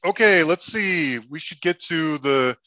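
A man's voice: a little high, expressive, a little slow, pushed and bright, dry recording, highs cut off. A man hosting a podcast, chatting casually and reacting with short, encouraging remarks. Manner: brief encouraging interjections. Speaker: podcast host. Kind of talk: casual chat.

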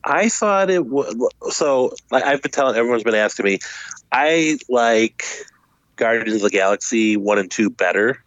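A man's voice: medium pitch, lively intonation, normal speed, a bit bright, no room sound, dull audio. A man co-hosting a podcast in casual chat, giving short reactions and wry asides. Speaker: podcast co-host.

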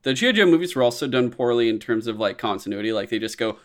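A man co-hosting a podcast in casual chat, loose and profane, now and then jumping into shrill mock voices. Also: lively intonation, fast talker. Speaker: podcast co-host.

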